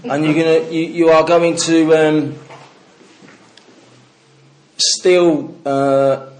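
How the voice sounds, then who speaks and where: A man's voice: fairly high pitch, level tone, drawn-out words. Candid swearing man from the Midlands. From English Midlands. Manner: candid, swearing, storytelling with laughs. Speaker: recovery speaker. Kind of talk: personal testimony to a meeting.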